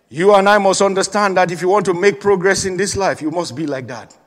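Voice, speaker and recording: Emphatic preacher in a big reverberant hall. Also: male voice, high voice, a little fast. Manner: emphatic preaching with repeated calls and congregation prompts. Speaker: pastor. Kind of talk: sermon.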